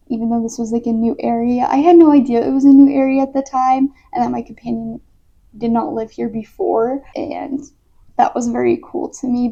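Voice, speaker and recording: Chatty young woman with a gravelly fry. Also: fairly high pitch, dark tone. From United States. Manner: chatty, many "like" fillers, laughs easily. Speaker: missionary. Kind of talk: casual storytelling vlog. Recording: dull lo-fi recording.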